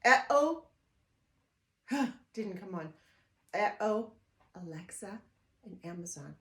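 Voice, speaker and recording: A woman's voice: medium pitch, animated, takes it slowly, fairly bright tone. An older woman vlogging casually at home, chatty and emotional, rambling with frequent restarts. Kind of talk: casual vlog talk to camera. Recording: echoey room.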